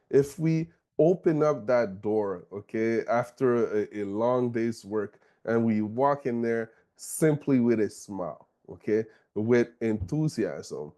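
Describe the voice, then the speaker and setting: A middle-aged man talks through his points in a loose, conversational podcast style, with a voice of ordinary pitch. He often pauses on "okay?" and "you know" and lets a chuckle slip in now and then. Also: mellow. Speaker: podcast host. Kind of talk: casual discussion.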